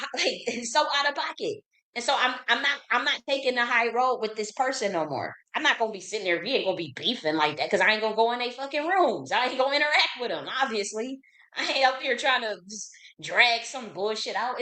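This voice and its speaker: A woman's voice: on the high side, pushed and bright. Profane, indignant woman. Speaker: channel host. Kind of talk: heated casual rant.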